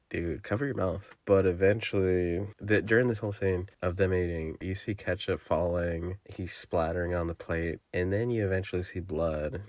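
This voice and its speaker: A young man with a low, deep voice talks through a film plot on his podcast. He swears freely, rambles, and jumps into the characters' lines as he goes. The recording is dry and close to the mic. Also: no room sound. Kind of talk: casual spoken movie recap.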